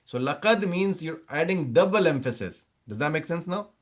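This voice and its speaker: A man teaching a grammar class over a video call, explaining step by step, repeating examples and checking that students follow. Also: a little high. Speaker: Arabic teacher. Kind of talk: online class lecture.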